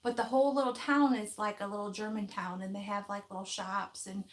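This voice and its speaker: A woman, chatting casually on a live craft stream, folksy and quick to laugh. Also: mid-range voice, fairly even intonation. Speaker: craft vlogger hosting a live chat. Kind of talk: casual live-stream chat, reading viewer comments.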